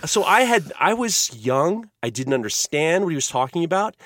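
A man's voice: fairly quick, no echo, clean studio sound. A man co-hosting a podcast, telling a long anecdote in casual chat and acting out the voices of the people in it. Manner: animated storyteller, acts out voices with big pitch swings. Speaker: podcast co-host.

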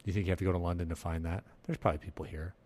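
A man hosting a casual podcast chat, animated and quick to laugh. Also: deep voice. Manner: animated, quick to laugh and jump into put-on voices. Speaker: podcast host.

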